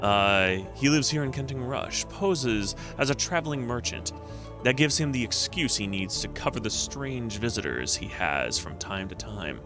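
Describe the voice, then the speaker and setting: A man's voice: mid-range voice, very animated, moderate pace, music in the background, pitched above the performer's own voice, close to an everyday voice. A man reading the lines of a stern older male temple lector from a retro game, speaking in solemn, formal pronouncements. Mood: grave.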